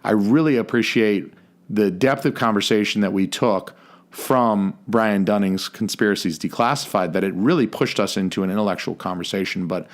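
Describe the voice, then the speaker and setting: A man's voice: fairly low pitch, moderate pace. A man co-hosting a casual podcast chat, joking and swearing as he tells stories. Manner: chatty, profane, jokey storyteller. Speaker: podcast co-host.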